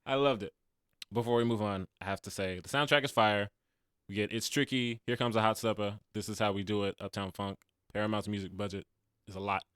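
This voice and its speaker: A young man in his late twenties co-hosts a casual movie podcast, his voice low and recorded dry and close. He is animated, laughs a lot and slips into quick impressions of the characters. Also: clean tone, no room sound. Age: late 20s. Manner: animated, laughs often, acts out quotes. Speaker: podcast co-host. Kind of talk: casual movie review chat. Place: podcast studio.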